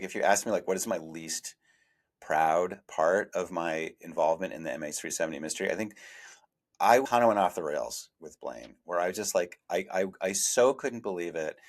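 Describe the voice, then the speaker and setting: A middle-aged man co-hosting a podcast, talking reflectively and frankly, often restarting his sentences. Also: low-pitched. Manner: reflective, self-deprecating, many restarts. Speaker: investigative journalist, podcast co-host. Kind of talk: conversational podcast discussion.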